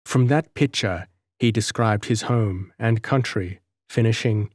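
Here a man narrates an audiobook from a script, telling the story in a measured, expressive way. His voice runs fairly low, captured cleanly and dry in a studio.

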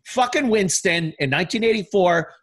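A man's voice: high voice, moderate pace. Blunt, profane middle-aged man ranting. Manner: blunt, profane, animated storytelling. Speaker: podcast guest, radio host. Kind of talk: casual podcast chat.

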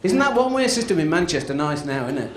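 A man's voice: fairly high pitch, sing-song, fast talker, noisy background. A male comedian doing a rambling live stand-up routine, chuckling at his own jokes on a club stage. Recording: echoey live club, loud crowd laughter.

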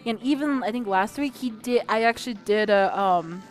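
A woman's voice: medium pitch, moderate pace, faint music behind. A young woman hosting a gaming channel vlog, chatting casually in a rambling way with lots of fillers, restarts and the odd swear word. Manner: rambling and chatty, with many fillers and self-corrections.

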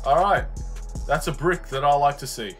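A young man from Australia giving live commentary on his basketball video game, excitable, swinging between low muttering and frustrated shouts. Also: normal speed, soft background music. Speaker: gaming YouTuber.

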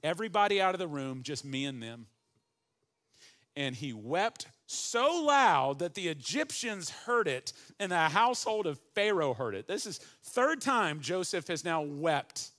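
A middle-aged pastor delivers a sermon, his voice sitting a little high for a man. He preaches animatedly, dropping to hushed tones and then swelling loudly as he drives his points home. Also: sing-song, takes it slowly.

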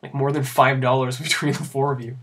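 A man's voice: medium pitch, flat delivery, brisk, a bit bright. A young man commenting sarcastically over a visual novel he plays, rambling and laughing at it. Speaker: let's play host. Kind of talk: casual gameplay commentary.

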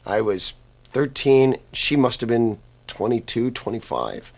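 A man's voice: medium pitch, sing-song, unhurried, creaky. A man telling a comic anecdote with a wry, joking delivery. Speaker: actor recalling his past.

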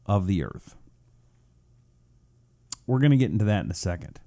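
A man's voice: mid-range voice, huge pitch swings, measured pace, pauses often, warm tone, dry recording, studio quality. A man from Washington State hosting a talk show, chatting loosely, greeting listeners and drawing out words for effect. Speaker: radio talk show host. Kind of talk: casual talk show monologue, reading out audience messages.

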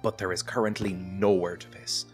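Male streamer, low-pitched, rambling and self-mocking, game music clearly behind him. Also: fairly even intonation, moderate pace. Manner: rambling, self-deprecating, chatty with frequent laughs. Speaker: gaming channel host. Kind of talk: casual let's-play commentary. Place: home streaming setup. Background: game music playing clearly.

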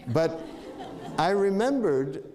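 A man's voice: high-pitched, big pitch swings, takes it slowly, a little mellow, echoey room, a faint crowd. An older man giving a talk, telling a story in a reflective, anecdotal way with fillers and restarts. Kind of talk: storytelling lecture.

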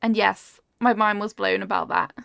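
A woman's voice: mid-range voice, steady tone, moderate pace, gravelly, fairly bright tone, no room sound. A woman streaming a cozy building game, gushing over viewers' builds and reading chat aloud in casual talk. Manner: gushing, easily delighted, reads chat aloud. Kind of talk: casual livestream chat while playing.

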